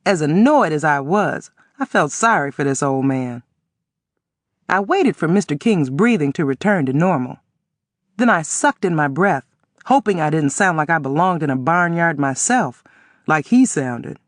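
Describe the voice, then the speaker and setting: A man narrating an audiobook in first person, telling the story in a measured, even way. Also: fairly high pitch, no echo, studio quality.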